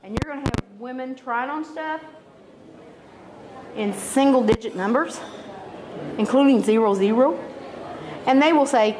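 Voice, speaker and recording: A woman's voice: high-pitched, unhurried, long pauses, noisy background. A woman performing stand-up comedy, telling stories and putting on exaggerated voices. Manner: animated, exaggerated voices for quotes.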